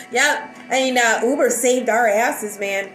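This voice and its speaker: A woman with a somewhat high voice rambles casually to her viewers. She talks fast and loud, jumping from thought to thought with excitable energy. Her voice bounces around an echoey room, and faint music plays in the background. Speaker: live-stream vlogger.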